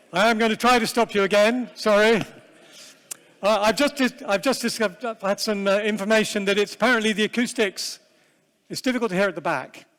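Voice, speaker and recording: A man's voice: on the high side, big-room sound. A man giving a humorous, self-deprecating seminar talk, telling stories with frequent restarts and fillers. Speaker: seminar speaker. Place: large hall with long reverb.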